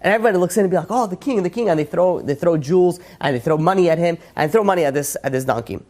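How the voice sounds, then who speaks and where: A man's voice: fairly high pitch, rapid-fire, a little mellow. Man, rabbi, religious lecture, emphatic, rhetorical questions, frequent restarts. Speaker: rabbi teaching a weekly class.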